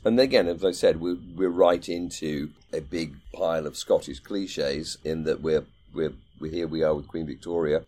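A man's voice: very deep voice, fairly even intonation, moderate pace, few pauses, dark tone. A man co-hosting a podcast in casual, rambling chat, thinking aloud with plenty of ums and restarts. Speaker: podcast co-host.

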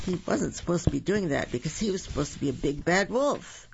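Playful read-aloud narrator, gravelly, husky, lo-fi. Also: mid-range voice. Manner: slow, animated and playful, self-correcting. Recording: dull lo-fi recording.

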